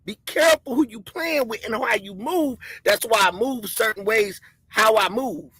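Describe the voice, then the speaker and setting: A middle-aged woman giving a loud, excitable, repetitive conspiracy commentary. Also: a little high, moderate pace, slightly rough, dry recording, low-quality recording. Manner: emphatic, preachy. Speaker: commentary streamer.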